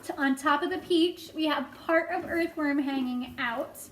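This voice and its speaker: A woman's voice: high-pitched, normal speed, a bit bright, recorded from a distance. Lady reading storytime aloud, chatty asides, echoey room, bit of hiss. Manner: friendly asides to listeners. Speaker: storytime reader. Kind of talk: reading a children's book aloud. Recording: echoey room with faint noise.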